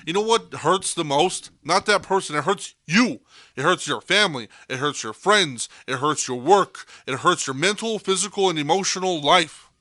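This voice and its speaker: A man's voice: fairly high pitch, lively intonation, normal speed, pushed and bright, no echo, studio quality. A young man hosting a podcast, delivering an intense monologue that swears freely and hammers points home by repeating them. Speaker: podcast host.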